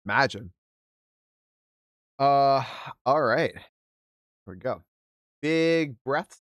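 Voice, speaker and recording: A man's voice: medium pitch, animated, very slow, long pauses, no echo, studio quality. A man streaming a game live, chatting casually with his viewers and greeting them by name. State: hiccuping.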